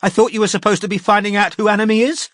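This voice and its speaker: A man's voice: high-pitched, steady tone, very fast, a bit bright, no room sound, studio quality, pitched above the performer's own voice. A man voicing a distraught young woman who pleads and stammers through tears. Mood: defiant.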